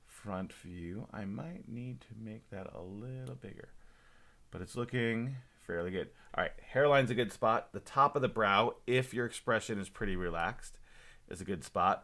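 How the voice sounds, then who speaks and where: A man teaching a high school class through a screen-recorded software demo, talking to himself as he works and adding small jokes. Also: gravelly. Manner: talks to himself while working, relaxed asides and small jokes.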